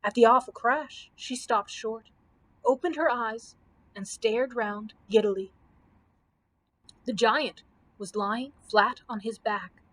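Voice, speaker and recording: A woman librarian reading a children's storybook aloud with expressive, measured storytelling. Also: a little high, slight background noise, low-quality recording.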